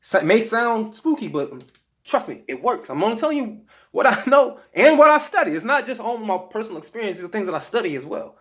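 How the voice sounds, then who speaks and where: A man's voice: high-pitched, big pitch swings, brisk, a bit bright. A man giving diet advice to camera in a casual motivational talk, emphatic and slangy, often asking "okay?". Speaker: health vlogger.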